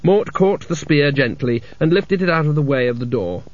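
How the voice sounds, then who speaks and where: A man narrating a comic fantasy novel as an audiobook in a dry, measured storytelling manner. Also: on the high side, expressive, no room sound. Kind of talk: scripted narration. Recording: dull lo-fi audiobook recording.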